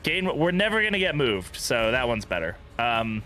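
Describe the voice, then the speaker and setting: A young man talks through his gameplay in a loose, chatty way, cursing and laughing as he goes. His voice is bright and forward, sitting in an ordinary register. Faint game music plays behind him. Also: medium pitch, big pitch swings, moderate pace. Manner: chatty, profane, laughs often. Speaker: gaming streamer. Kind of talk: casual let's-play commentary.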